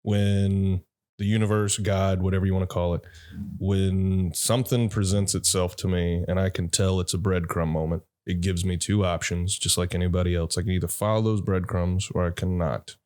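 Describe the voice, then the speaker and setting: A man's voice: low-pitched, little pitch movement, moderate pace, a little mellow, clean tone. A man who is a podcast guest, an actor and director, rambling through personal stories in a laid-back, profane way. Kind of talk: casual storytelling chat.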